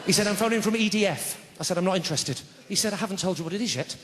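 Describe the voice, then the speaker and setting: A man performing stand-up on a theatre stage. He tells deadpan stories and breaks into sudden shouted outbursts, his voice high and lively. The stage mic sits in a large, reverberant hall with loud audience noise behind it. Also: very fast. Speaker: stand-up comedian. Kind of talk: stand-up comedy routine.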